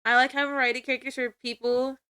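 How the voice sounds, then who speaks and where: Playful high-pitched woman streamer. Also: level tone, fast talker, sharp tone, smooth, no room sound, clean studio sound. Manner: playful mock-angry banter with frequent laughs. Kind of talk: casual livestream chat.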